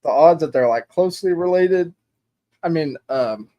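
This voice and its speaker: A man on a casual panel chat, hesitant and halting, sighing between thoughts. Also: a little high, lively intonation, dull audio. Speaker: guest panelist.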